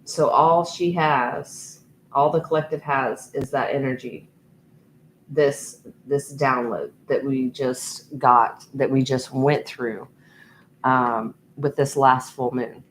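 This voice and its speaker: Slow, meandering woman reading tarot cards. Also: very deep voice, steady tone, slight background noise, poor audio. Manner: slow, meandering, with many ums and restarts. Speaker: tarot reader. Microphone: USB microphone.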